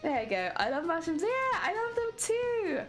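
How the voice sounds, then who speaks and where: A woman's voice: very high voice, sing-song, normal speed, fairly bright tone. A young British woman streaming while she crafts, chatting casually and greeting viewers with sing-song jumps in her voice. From Britain. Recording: faint music behind.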